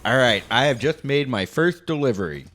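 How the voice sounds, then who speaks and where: A man hosting a casual chat while playing a video game, relaxed and self-amused. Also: mid-range voice, normal speed, a little hiss or hum. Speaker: host.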